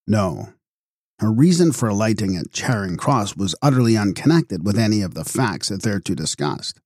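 A man narrating an audiobook in a measured, wry tone. His voice sits low, and the recording is close and dry with no room echo. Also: very animated, a little mellow.

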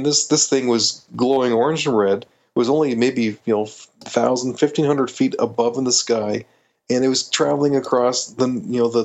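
A middle-aged Canadian man, a podcast guest, telling a story animatedly, acting out quoted voices with many restarts. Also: medium pitch.

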